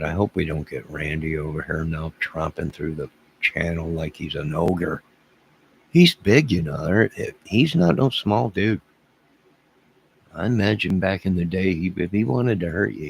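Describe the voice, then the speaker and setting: A man's voice: rumbling low, vocal fry, a little hiss or hum, poor audio. A man hosting a casual livestream, rambling and self-deprecating as he chuckles and answers viewers' chat. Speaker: livestream host.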